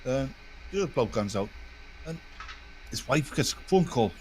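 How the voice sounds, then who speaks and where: A man telling long crude jokes in casual chat on an online call, rambling and animated. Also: mid-range voice, normal speed, slight background noise. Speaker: podcast co-host.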